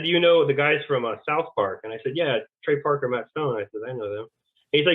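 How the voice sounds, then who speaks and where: A male interview guest tells his story in a loose, rambling way, playing out both sides of old conversations. He talks fast and barely pauses. His voice comes through a narrow, tinny phone-like line. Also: mid-range voice. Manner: rambling, acts out quoted back-and-forth dialogue. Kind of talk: casual testimony.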